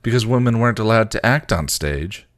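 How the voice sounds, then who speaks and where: A man's voice: expressive, brisk, lightly acted. A man voicing a giggly teenage girl who talks in breathless valley-girl style, reading a story aloud. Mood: bubbly teen. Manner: breathless valley-girl "like" talk, squeaky when flustered. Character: bubbly teenage girl, giggly and eye-rolling.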